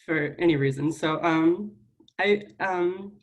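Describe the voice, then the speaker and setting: A young woman student senator giving a public apology at a meeting, earnest and halting, close to tears. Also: lowish voice, dull audio. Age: young adult. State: near tears.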